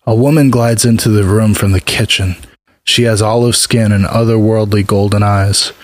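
A man narrating a first-person story in a subdued, even manner. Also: on the low side, moderate pace, no echo.

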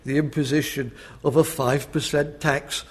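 A man's voice: on the high side, steady tone, moderate pace, close to an everyday voice. A man doing an impression of a pompous wartime prime minister reporting to parliament in grand oratorical style. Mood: grandiose.

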